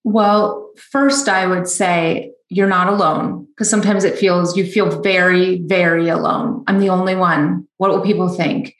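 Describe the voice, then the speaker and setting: A woman's voice: lowish voice, steady tone, unhurried, hardly any pauses, roomy sound. A middle-aged woman speaking as a guest author in a podcast interview, earnest and reflective, sometimes getting choked up.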